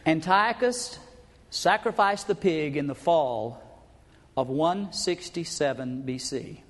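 A man's voice: fairly high pitch, slow pace. A man preaching a folksy, emphatic sermon to his congregation, sometimes acting out crowd chants. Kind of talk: sermon teaching. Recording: hall reverb.

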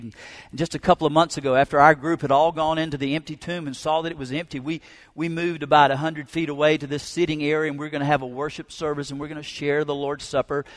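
A middle-aged pastor preaching a sermon, telling stories with fervor. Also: male voice, a little high, level tone, quick pace. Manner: storytelling, fervent preacher. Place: church sanctuary.

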